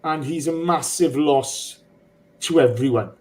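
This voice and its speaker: Guy hosting a footy podcast, kinda high voice, lots of ums, choked up. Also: rough recording. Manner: emotional, halting with many ums. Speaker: podcast host. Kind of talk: casual football podcast chat.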